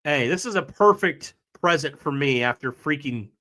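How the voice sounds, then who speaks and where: A man hosting a live reaction stream, excited and rambling, apologizing as he juggles things. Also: on the high side, normal speed. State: recovering from a week of sickness, coughing.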